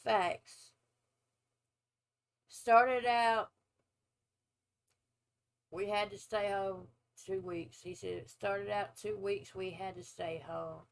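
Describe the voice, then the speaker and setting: A woman's voice: mid-range voice, fairly even intonation, rough recording. A woman in her forties, a former nurse, hosting a casual reaction video and giving her opinions bluntly. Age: 40s. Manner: blunt, opinionated, drawn-out asides.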